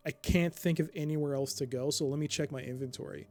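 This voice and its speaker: A man streaming a game live, thinking out loud in a chatty way and reading item descriptions aloud. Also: mid-range voice, fairly even intonation, a little fast, gravelly. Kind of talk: casual live game commentary.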